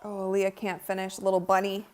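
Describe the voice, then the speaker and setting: A woman's voice: mid-range voice, monotone, normal speed, darkish tone. A woman hosting a live-streamed basketball watch party, chatting casually and giggling as she comments and talks to her viewers.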